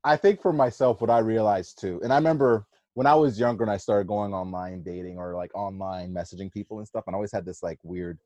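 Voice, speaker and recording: A man with a lowish voice chats casually and tells animated, profane stories. His talk is heavy with swearing. The sound is dry and close. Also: fast, hardly any pauses, no room sound. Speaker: podcast co-host. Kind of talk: casual chat.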